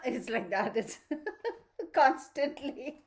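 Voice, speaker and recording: A woman's voice: on the high side, a little slow. A woman hosting a tarot channel who chats casually with viewers, laughs often and baby-talks to her dog. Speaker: tarot reader, channel host.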